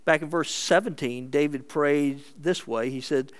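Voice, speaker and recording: A man preaching a sermon as pastor, earnest and measured, moving between emphatic lines and hushed ones. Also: a little high.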